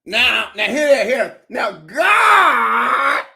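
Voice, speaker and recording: A man's voice: very high-pitched, big pitch swings, vocal fry, voice pushed up, exaggerated voice. A man voicing a fervent church preacher in a mock sermon, drawing out words and repeating himself. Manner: drawn-out, repetitive, swings loud to soft. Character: hollering male church preacher, fervent and dramatic.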